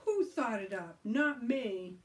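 A pushy, scheming boy from a storybook, played by a woman reading aloud. He presses in a high, loud, impatient voice, and the mic sits a bit far off. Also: big pitch swings, measured pace. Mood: angry. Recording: voice from a distant mic.

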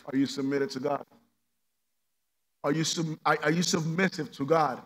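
A male pastor preaching a sermon with passion, swinging from loud emphatic peaks to hushed low passages and repeating rhetorical questions. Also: fairly even intonation, normal speed.

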